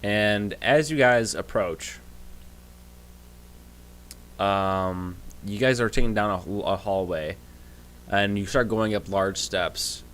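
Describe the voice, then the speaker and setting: A man narrating a tabletop game as game master, with a halting manner and many restarts. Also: fairly low pitch, fairly bright tone.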